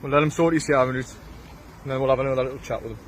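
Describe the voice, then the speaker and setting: Fast, mocking Geordie man. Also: medium pitch, steady tone, noisy background. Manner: blunt, mocking, rapid-fire questions. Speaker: leader of a sting team confronting a suspect. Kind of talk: confrontational street questioning.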